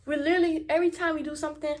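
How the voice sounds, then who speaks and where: A young woman from Miami, telling a story in a vlog in an animated, profane and emphatic way. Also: high-pitched, racing, background noise. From Miami, Florida. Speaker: vlogger.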